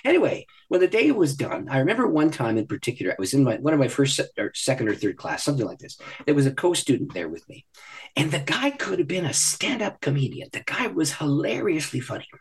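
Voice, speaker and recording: Husky, animated male podcast guest. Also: a little high, fast talker. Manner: animated, laughs often while telling stories. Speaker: podcast guest, ministry leader. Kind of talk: storytelling in a conversation. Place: podcast recording.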